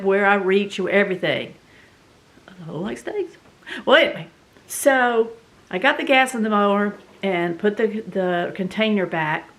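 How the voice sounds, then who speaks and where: A middle-aged woman with a Southern US accent tells a story in a casual, animated, dramatic way, full of fillers. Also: mid-range voice. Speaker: vlog host.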